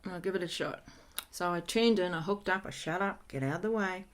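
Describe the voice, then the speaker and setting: A woman's voice: on the low side, fairly quick. A woman who works as an energy healer, telling a personal story in a casual, frank way and laughing often.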